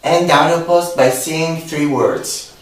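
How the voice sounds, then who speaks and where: A young Italian-accented man speaks slowly and hesitantly, filling pauses with ums. He is heard from some distance in a very echoey room. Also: a little high, steady tone. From Italy. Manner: hesitant, many fillers. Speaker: vlogger. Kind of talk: casual accent-challenge vlog. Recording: echoey room, far from the mic.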